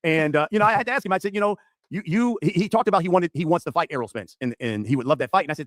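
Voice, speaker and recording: A man's voice: a little high, animated, rapid-fire, dry recording. A man, an interviewer, recounting his questions in a conversational way. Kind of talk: interview recap.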